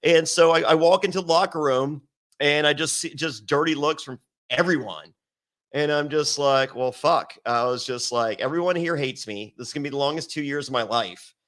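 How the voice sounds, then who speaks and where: Brash man from Virginia, fairly high voice, animated raconteur with constant profanity. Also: moderate pace. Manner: animated, acts out quotes in raised voice, heavy swearing. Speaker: interview guest. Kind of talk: casual storytelling with profanity.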